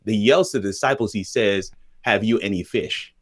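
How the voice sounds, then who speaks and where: A man's voice: lowish voice, moderate pace, dry recording, studio quality. A man on a video call at a live-streamed panel, building a sermon-like point with repeated phrases and a jokey, self-deprecating touch. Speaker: panel guest sharing a faith message.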